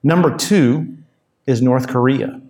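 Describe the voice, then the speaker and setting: A man's voice: mid-range voice, takes it slowly, darkish tone. Man teaching a sermon. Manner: conversational Bible teaching, reads scripture aloud. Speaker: pastor.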